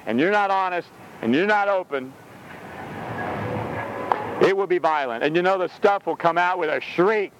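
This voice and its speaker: A man's voice: high-pitched, normal speed, pauses often, background noise. A man preaching an intense, exclaiming sermon, laughing now and then between points. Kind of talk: fiery sermon.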